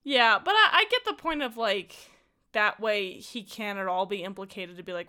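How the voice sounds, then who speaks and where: A woman's voice: mid-range voice, moderate pace. A woman co-hosting a casual chat, recapping a film with lots of laughs and acted-out lines. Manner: animated, laughs often, acts out lines. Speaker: podcast co-host.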